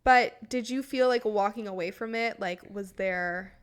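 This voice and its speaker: A woman hosting a relaxed podcast who also teaches and gives readings. She speaks at an average pitch and keeps cheering her guest on, dropping in "yeah" and "mm-hmm" as she listens. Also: a little slow, clean tone. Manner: encouraging, affirming with frequent yeahs. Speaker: podcast host and Human Design reader. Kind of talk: casual chat.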